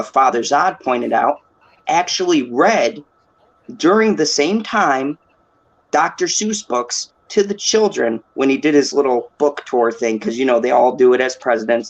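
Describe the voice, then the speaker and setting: A male stream host rambles through his opinions in loose casual chat at a middle pitch. The sound is dull and lo-fi. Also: a little slow. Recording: dull lo-fi mic.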